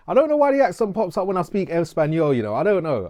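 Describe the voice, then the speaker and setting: A man's voice: high-pitched, huge pitch swings, quick pace, darkish tone, no room sound, studio quality. A man in his thirties from London with a London accent, giving a casual, playful, self-mocking channel intro as a vlogger and music producer. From England. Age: 30s.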